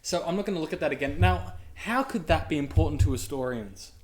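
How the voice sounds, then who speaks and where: A man's voice: on the high side, animated, fast talker. A man co-hosting a casual podcast chat, hesitant and prone to stumbles and restarts. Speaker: podcast co-host.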